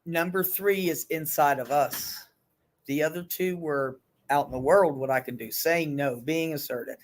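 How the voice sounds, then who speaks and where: A woman leading a group session on stress, talking frankly and in a lively way, with blunt asides. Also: low-pitched, moderate pace. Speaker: group facilitator.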